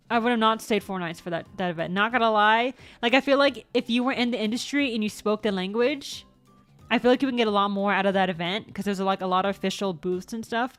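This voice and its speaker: A woman's voice: medium pitch, a bit bright. Girl rambling about her shopping haul, chatty, keeps correcting herself, swears now and then, faint music behind. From United States. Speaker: VTuber vlogger. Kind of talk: casual show-and-tell chat.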